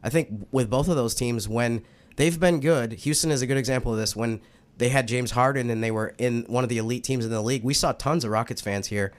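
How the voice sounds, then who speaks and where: Smooth-voiced man, earnest podcast host. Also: medium pitch, a little fast. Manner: earnest, emphatic, with many restarts. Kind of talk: casual sports chat.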